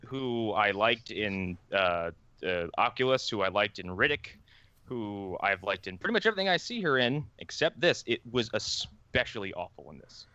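A man's voice: on the low side, animated, pushed and bright, clean tone, no echo, lo-fi sound. A man co-hosting a podcast, chatting casually in an exasperated, joking way with plenty of swearing. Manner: profane, exasperated, quick jokes. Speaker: podcast co-host. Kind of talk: casual chat.

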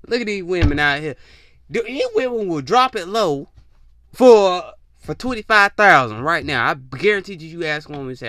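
Brief: male podcast host on a solo rant, high and bright voice, profane and animated, close dry mic. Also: normal speed, no echo. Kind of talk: casual opinion rant.

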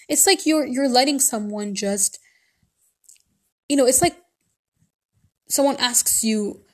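High-voiced woman rambling advice. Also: unhurried, long pauses. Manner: rambling, many restarts and fillers. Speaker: podcast host. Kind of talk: casual advice monologue.

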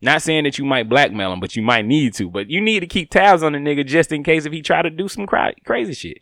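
A man co-hosting a casual chat, blunt and profane, talking with animated emphasis. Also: on the high side, fast, no room sound, studio quality.

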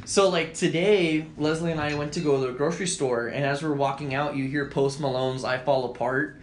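Give me a young man on a podcast telling profane, animated stories, pitched a bit high, with faint noise behind. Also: brisk. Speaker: podcast co-host. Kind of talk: casual chat.

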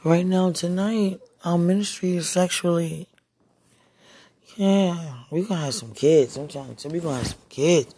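A woman speaking an intimate spoken monologue, breathy and husky, often dropping into whispers and sighing exclamations. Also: on the low side, normal speed, dark tone. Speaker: podcast speaker.

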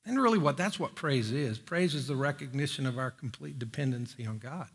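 A middle-aged man preaching a sermon in a church, folksy and joking, climbing higher when he presses a point. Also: animated, fairly quick, creaky, few pauses, slightly rough. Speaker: pastor. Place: church sanctuary.

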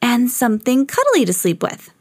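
An excitable little schoolgirl from a picture book, voiced by a woman reading aloud. The voice sits high and bounces around, with a bright, squealing edge. It is dry and close. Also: normal speed, breathy edge, dry recording, full character voice. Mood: excited.

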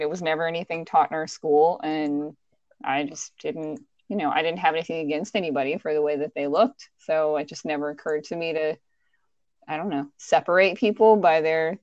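A woman's voice: fairly low pitch, no echo, highs cut off. A woman with a Virginia accent co-hosting a podcast, chatting casually and rambling with little laughs and restarts over a call. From Virginia, USA. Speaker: podcast co-host.

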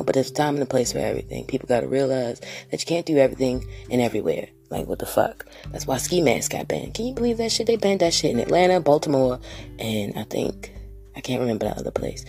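A woman with a strikingly deep, gravelly voice rambles through a solo podcast monologue. She swears freely and keeps firing off rhetorical questions, while faint guitar music plays underneath. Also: expressive, fast talker, dark tone. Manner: profane, restless, asks rhetorical questions. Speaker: podcast host.

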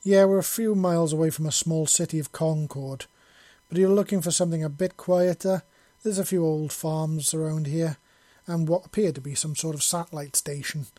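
Man playing a laid-back young pilot, informal, mellow dry voice. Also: fairly high pitch, fairly even intonation, moderate pace, no echo, lightly acted. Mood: casual. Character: young male pilot, casual.

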